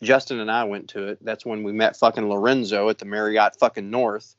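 A man's voice: lowish voice, fairly even intonation, a little fast, muffled recording. A man co-hosting a podcast in casual chat, rambling and swearing constantly. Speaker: podcast co-host.

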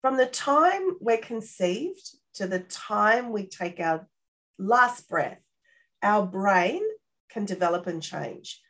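A woman explaining parenting skills in a casual interview, lively and often checking in with tag questions. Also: medium pitch, slow. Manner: animated, acts out parent-child dialogue. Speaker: parenting expert guest.

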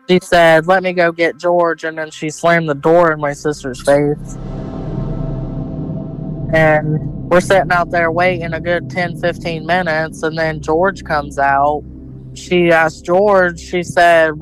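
An Ohio man recounts a painful family episode in loose, rambling speech, acting out what each person said. His voice sits a little high and stays flat in pitch, with faint music in the background. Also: slow pace, smooth, rough recording. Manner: rambling, many fillers, retells dialogue. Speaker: interviewee, relative of the mother. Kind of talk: casual storytelling.

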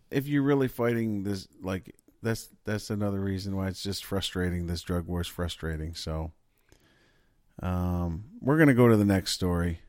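Low-voiced man in profane casual chat. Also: darkish tone, dry recording, studio quality. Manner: loose, profane, rambling with restarts. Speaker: podcast host.

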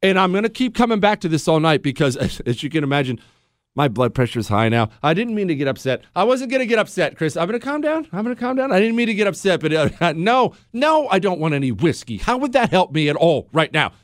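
Indignant talk radio host, wildly animated pitch. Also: male voice, fairly quick, dry recording, clean studio sound. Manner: indignant, swings between shouting and low mutters.

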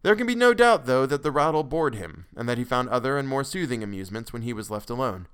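A man narrating a classic story as a podcast host, in a measured, expressive way. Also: medium pitch, clear, resonant tone. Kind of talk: dramatic storytelling reading.

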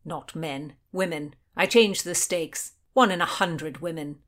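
A woman's voice: low-pitched, measured pace, a bit bright. A woman doing a swaggering young gallant. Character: brash boastful young male Elizabethan gallant.

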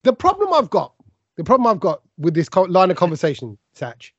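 A man co-hosting a podcast, teasing his friends in animated, laughing banter with many restarts. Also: sits high, fairly quick, breathy edge, no echo, dull audio. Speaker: podcast co-host.

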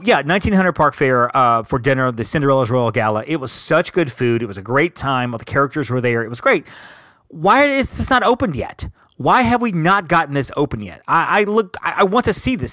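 A man's voice: on the high side, a bit bright, no echo. A man hosting a solo podcast in casual chat, enthusiastic and rambling, often breaking off to correct himself. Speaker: podcast host.

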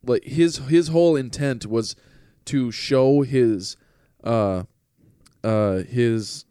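A man's voice: medium pitch, slow pace, warm tone, clear, resonant tone, dry recording, studio quality. A man chatting casually as a podcast co-host, swearing freely as he talks. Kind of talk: casual chat.

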